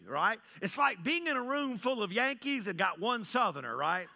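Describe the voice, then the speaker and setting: A middle-aged man delivers a sermon in a church, his voice high, bright and gravelly. He swings from near-shouting to hushed tones, telling the story dramatically and tossing in "right?" again and again. His pitch leaps around with lively range. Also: a little fast, few pauses. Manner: keeps asking "right?". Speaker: pastor. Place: church sanctuary.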